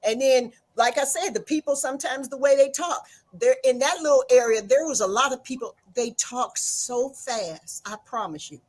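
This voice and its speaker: Woman, high voice, livestream guest, animated storyteller, casual chat. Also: moderate pace. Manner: animated storyteller, acts out quotes, laughs often.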